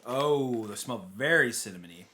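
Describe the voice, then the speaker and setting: A woman co-hosting a podcast, giving blunt, quick opinions on snacks and laughing easily. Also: a bass voice, animated, pushed and bright, a little hiss or hum. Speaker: podcast co-host. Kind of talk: casual snack-tasting chat.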